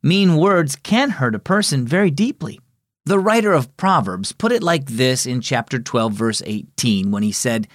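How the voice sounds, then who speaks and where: A man's voice: mid-range voice, animated, a little slow, no echo, studio quality. A man hosting a children's devotional program, upbeat and speaking directly to young listeners. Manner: bright, upbeat, talks directly to kids. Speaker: host.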